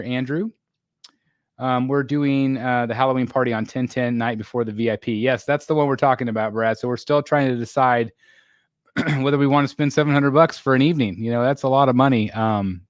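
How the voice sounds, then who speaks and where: A middle-aged man hosting a casual live stream, reading viewer comments and chatting in a rambling, tired way full of fillers and throat clearing. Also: mid-range voice, dry recording, clean studio sound.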